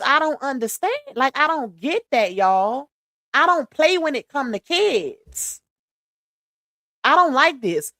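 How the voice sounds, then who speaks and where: A woman's voice: high voice, pushed and bright, no echo, studio quality. A woman from Louisiana hosting a casual livestream, talking bluntly and emphatically straight to her viewers. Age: adult mother. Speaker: livestream host.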